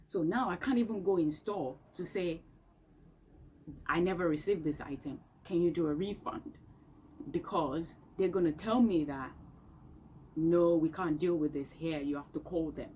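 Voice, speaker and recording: A woman's voice: on the low side, unhurried, mellow, poor audio. Exasperated woman ranting. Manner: exasperated, emphatic, repetitive. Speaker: vlogger. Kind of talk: complaint rant to camera. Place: home room, indoors. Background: faint outdoor street noise.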